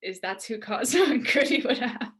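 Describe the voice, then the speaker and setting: A woman's voice: fairly high pitch, normal speed. A young woman from Pittsburgh co-hosting a casual podcast, telling stories with acted-out quotes. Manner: animated storytelling with acted-out quotes and laughs. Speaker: podcast co-host. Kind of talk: casual chat.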